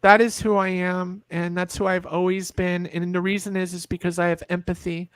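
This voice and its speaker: A woman's voice: on the low side, flat delivery, moderate pace, smooth, no room sound. A middle-aged woman on a video call, telling an emotional personal story in a group chat and acting out the voices she quotes.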